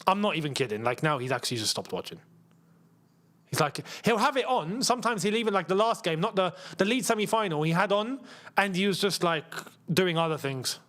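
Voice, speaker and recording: A man's voice: high-pitched, lively intonation, fairly quick, a bit bright. A young English man hosting a football watchalong, chatting casually with viewers and explaining things at length with lots of fillers. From England. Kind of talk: casual live-stream chat and commentary.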